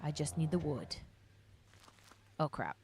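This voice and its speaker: A woman's voice: sits low, lively intonation, takes it slowly, darkish tone, a little hiss or hum. Chatty young woman gaming vlogger. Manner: chatty, rambling, talks to viewers. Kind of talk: casual gameplay commentary.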